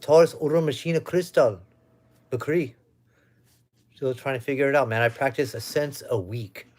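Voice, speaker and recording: A man's voice: medium pitch, normal speed, a little mellow. Chatty man doing a casual live stream. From United States. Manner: chatty, loose, reads out viewer comments. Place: at home. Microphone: webcam or phone.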